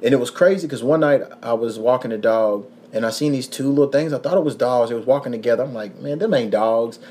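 A young man from Kentucky hosting a casual podcast, telling profane, animated stories with frequent laughs. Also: medium pitch, quick pace. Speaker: podcast host.

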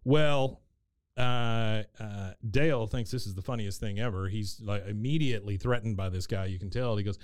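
A man's voice: lowish voice, normal speed, no echo. A man hosting a casual recap chat, telling the story in a meandering way, full of fillers. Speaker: podcast host.

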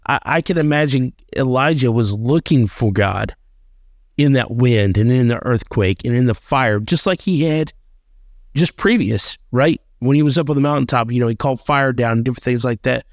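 A man's voice: medium pitch, dry recording, clean studio sound. A man co-hosting a podcast, talking earnestly about faith and reading scripture aloud, often repeating and restarting his words. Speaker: podcast co-host.

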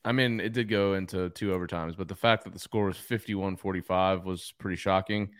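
A man hosting a college football podcast, speaking in a measured way and steering the conversation with questions. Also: sits low, fairly even intonation, a bit bright. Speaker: podcast host. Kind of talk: casual sports chat.

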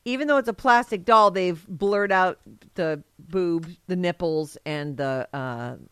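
A woman's voice: fairly low pitch, measured pace, a bit bright, clear, resonant tone, no room sound. Woman podcast host, gushing and rambling, casual crude banter, dry close mic. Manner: enthusiastic, rambling, laughs often. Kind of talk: casual crude comedic chat.

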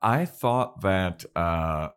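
Low-voiced male podcast co-host, laid-back, casual swearing. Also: lively intonation, very slow, a bit bright, smooth. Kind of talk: casual chat.

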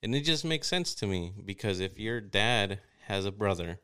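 A man's voice: lowish voice, lively intonation, normal speed, sharp tone, smooth. Profane, joking young man. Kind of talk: casual chat.

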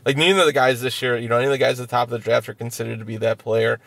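A man with a gravelly voice talks in a halting way, restarting his sentences again and again as he weighs his points. The chat is a casual sports podcast. He is recorded inside a parked vehicle outside an arena. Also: medium pitch, fairly even intonation, fairly bright tone. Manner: halting, many stammered restarts. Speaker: podcast co-host.

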